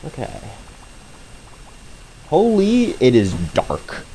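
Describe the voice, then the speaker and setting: A man streaming live gameplay, talking to his chat and reacting loudly to the game with frequent swearing. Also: a little high, huge pitch swings, very slow, a little hiss or hum.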